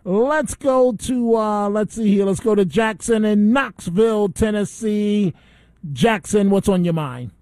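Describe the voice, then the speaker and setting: A man's voice: high-pitched, unhurried, darkish tone, no echo. A man hosting a call-in radio talk show, ranting indignantly between calls. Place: radio studio.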